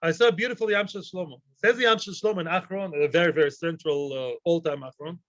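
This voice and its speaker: A man giving a Talmud class lecture, lively and joking and full of rhetorical questions to his students. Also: on the high side, quick pace, dry recording. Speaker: Talmud teacher. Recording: dull lo-fi dry recording.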